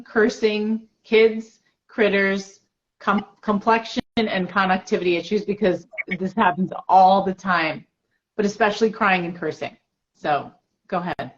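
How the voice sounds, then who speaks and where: A woman hosting an interview, gentle and reassuring with her guest. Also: mid-range voice, highs cut off. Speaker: host.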